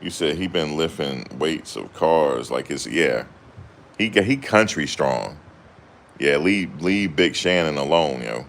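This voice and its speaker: A man's voice: rumbling low, animated, unhurried, a bit bright, a little hiss or hum. A young man chatting casually to camera in loose, slangy banter, often laughing. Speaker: vlogger.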